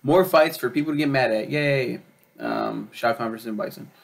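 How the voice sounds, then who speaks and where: A man's voice: mid-range voice, moderate pace, creaky. A young man chatting casually as he reviews a show, rambling with lots of ums and uhs and swearing freely. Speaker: video reviewer. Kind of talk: casual chat.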